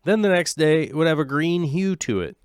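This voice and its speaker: A man's voice: fairly high pitch, fairly quick, clear, resonant tone, no echo, clean studio sound. A man in his late thirties hosting a casual aquarium livestream, rambling and joking with his viewers. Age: late 30s. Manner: rambling, jokey, chats with viewers.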